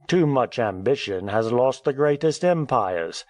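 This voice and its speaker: A man's voice: medium pitch, lively intonation, measured pace, a little mellow, no room sound, close to an everyday voice. A man reading an audiobook, voicing a wounded, stubborn male English journalist in a terse, reserved way.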